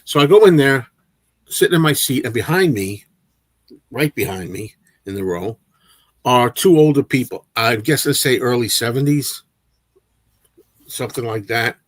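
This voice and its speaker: Animated man telling a story, dry sound. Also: medium pitch, normal speed, pauses often, no room sound. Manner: animated anecdote-telling with frequent restarts. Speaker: host of a movie chat livestream. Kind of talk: casual storytelling to a live chat.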